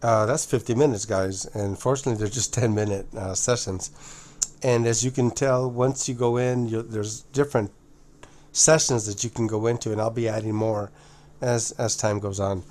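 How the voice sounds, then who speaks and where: Halting man talking to his viewers. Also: fairly low pitch, steady tone, darkish tone. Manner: halting, with frequent restarts and repeated words; addresses listeners directly as guys. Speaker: video presenter. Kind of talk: casual spoken monologue to viewers.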